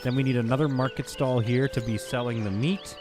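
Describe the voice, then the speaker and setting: A man streaming a city-building game, thinking out loud in a rambling, self-deprecating, casual way. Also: medium pitch, brisk, music in the background. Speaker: gaming streamer. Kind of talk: casual live game commentary.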